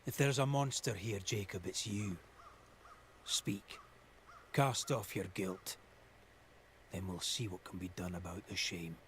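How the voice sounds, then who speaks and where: A solemn, very deep spirit. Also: male voice, a little slow, long pauses, a little hiss or hum. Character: solemn male spirit urging confession.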